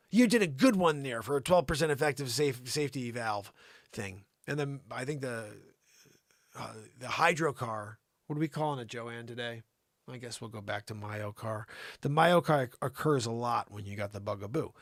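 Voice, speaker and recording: A man hosting an improvised comedy news show, talking in a mocking, animated way to an imaginary co-host. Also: medium pitch, dry recording, studio quality.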